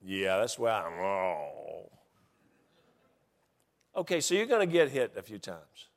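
A middle-aged pastor preaches with a low, slow voice and vocal fry, stumbling over restarts before building into excited storytelling. Long hall reverb surrounds the recording.

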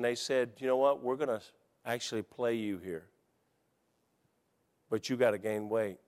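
A middle-aged man telling a story from the pulpit in a folksy, animated way and acting out the quotes. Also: mid-range voice, smooth. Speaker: preacher. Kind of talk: storytelling sermon. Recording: long hall reverb.

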